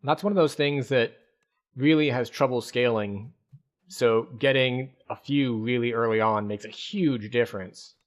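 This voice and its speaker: A man streaming a video game, giving relaxed, casual commentary and thinking aloud as he plays. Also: medium pitch, a little slow.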